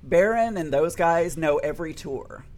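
A man in casual banter, halting and restarting his sentences, laughing easily. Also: on the high side, lively intonation.

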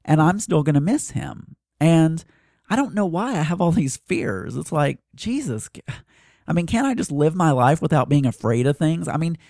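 A man's voice: on the high side, mellow, dry recording. Guy rambling into his podcast mic, nervous and self-doubting, lots of ums, dead dry sound. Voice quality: hesitant, full of fillers and restarts. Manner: anxious, self-deprecating. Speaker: podcast host. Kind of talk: rambling personal monologue.

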